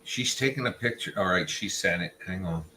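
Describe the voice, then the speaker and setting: A man's voice: low-pitched, moderate pace, pushed and bright, a little hiss or hum. A man hosting a casual livestream chat, teasing and joking with his viewers. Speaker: livestream host.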